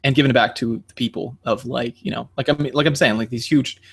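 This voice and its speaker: A man co-hosting a podcast in casual chat, rambling with many fillers and animated quoting. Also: mid-range voice, brisk, creaky, breathy edge. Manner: animated, jumps into quoting others. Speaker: podcast co-host.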